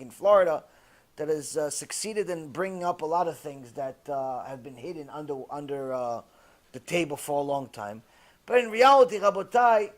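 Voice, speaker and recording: A man who is a rabbi, giving an emphatic, animated sermon with stories. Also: high voice.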